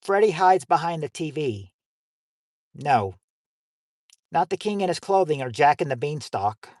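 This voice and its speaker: A game show host runs a family game night livestream, reading survey answers with rambling jokes and crude wisecracks. His darkish, high-side voice swings widely in pitch at a measured pace, captured as clean studio sound with no room sound.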